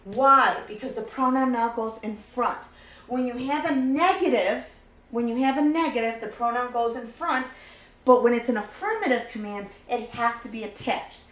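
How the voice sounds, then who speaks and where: A woman's voice: fairly high pitch, moderate pace, a bit bright, roomy sound, rough recording. A woman teaching a Spanish grammar lesson, patiently walking through each step and repeating key points.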